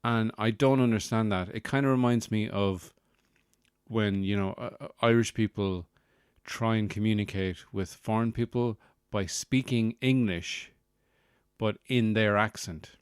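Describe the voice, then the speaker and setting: A man's voice: lowish voice, unhurried, smooth, dry recording, clean studio sound. A man hosting a comedic solo podcast, rambling and sardonic with lots of fillers. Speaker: podcast host.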